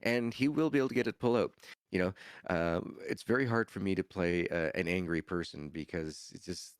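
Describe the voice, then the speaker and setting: A man's voice: low-pitched, fairly quick, smooth, no room sound, studio quality. A man chatting casually as a podcast guest, rambling and laughing often. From Canada. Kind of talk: casual chat.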